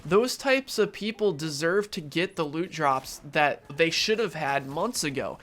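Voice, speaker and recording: Man, young adult, nasal, stuffy from allergies, slightly high voice, earnest, conversational vlog commentary. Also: lively intonation, unhurried, a bit bright. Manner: earnest, opinionated, conversational with fillers. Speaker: gaming YouTuber.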